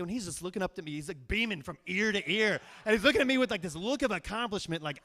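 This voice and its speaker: Young male storyteller, higher voice, animated live comic telling before an audience. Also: fast, gravelly, hardly any pauses. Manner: animated, swings from hushed to loud excited telling.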